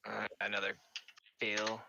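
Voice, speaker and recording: A man's voice: lowish voice, monotone, measured pace, creaky, pushed and bright, highs cut off, slight background noise. A man playing in a casual tabletop game, hesitant and fumbling through his turns. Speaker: player.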